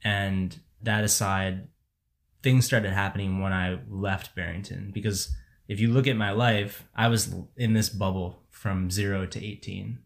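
A man from the Chicago suburbs reflecting calmly on his upbringing in a casual group conversation. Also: on the low side, gravelly. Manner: reflective, measured.

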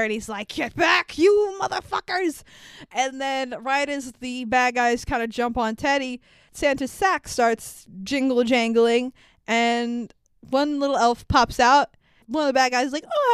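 A woman's voice: sits high, smooth, no echo. A woman co-hosting a podcast, casually recapping a movie with lots of laughter and acted-out quotes. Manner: animated, laughing storyteller acting out quotes. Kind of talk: casual chat.

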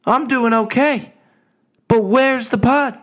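A brassy retired mother scolds her son in a high, pushy voice, put on by a man retelling the call. She nags with heavy emphasis, punching each complaint. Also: slow pace. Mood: scolding. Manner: nagging, emphatic.

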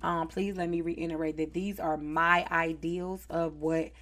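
A woman's voice: low voice, level tone, a little slow, a bit bright. Chatty Southern woman podcast host. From North Carolina, US. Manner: chatty, easygoing, slangy. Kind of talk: casual podcast chat.

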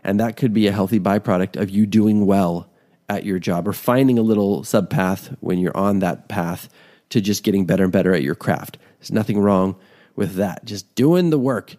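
A man hosting a podcast, talking in a put-on extra-low, quiet voice in a rambling, encouraging way. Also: moderate pace. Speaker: podcast host. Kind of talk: casual talk.

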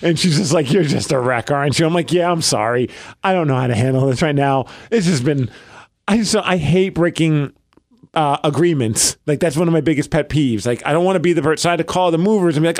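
A man in his thirties telling a story on a podcast, his voice a bit high and swinging widely up and down as he acts out what everyone said. The sound is dry and close, with no room around it. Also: quick pace, no room sound. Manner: animated storytelling, acts out quotes. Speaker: podcast co-host. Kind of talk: casual chat.

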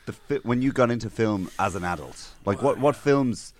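A man's voice: lowish voice, animated, normal speed. A man hosting a podcast, asking a guest questions and dropping dry quips. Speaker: podcast host. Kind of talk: casual interview chat.

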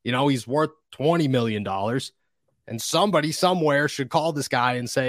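A man's voice: mid-range voice, fairly quick, dry recording, studio quality. A young man hosting a casual sports podcast, talking loosely and acting out voices of the people he quotes. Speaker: podcast host.

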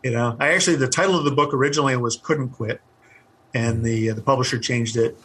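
A middle-aged man, a former army helicopter pilot, telling his story in an interview, candid and halting with many fillers. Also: mid-range voice, steady tone, a bit bright, husky.

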